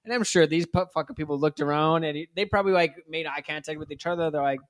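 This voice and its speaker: A podcast co-host tells rambling, profane stories during casual chat. He speaks quickly in a fairly high-pitched voice, and there's no room sound on the recording.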